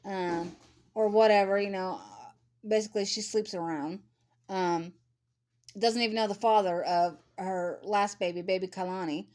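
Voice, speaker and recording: In a steady, slightly mellow mid-range voice at moderate pace, a woman in her thirties gives casual commentary to camera. It's a blunt rant, with repetition used for emphasis.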